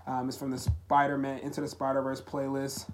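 A man's voice: medium pitch, monotone. Earnest young man on a confessional podcast. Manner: earnest, halting, emotional, heartfelt. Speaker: podcast host. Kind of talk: solo confessional podcast talk.

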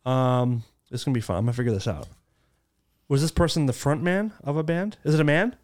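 A man's voice: mid-range voice, fast, a little mellow. A man hosting a podcast in casual chat, playful and swearing freely as he fires off guessing questions. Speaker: podcast host.

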